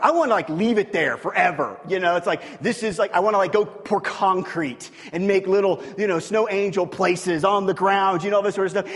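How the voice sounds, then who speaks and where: A man preaching a sermon as pastor, telling stories with animated swings from hushed to loud. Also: sits high, in a large hall.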